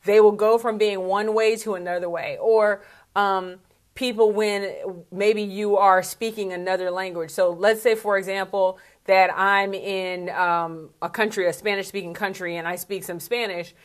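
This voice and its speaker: A woman's voice: medium pitch, fairly even intonation, moderate pace. A woman speaking coach chats to camera in a casual vlog. She is candid and talkative, and she keeps dropping in asides as she explains her point. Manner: chatty and candid, with frequent fillers and asides.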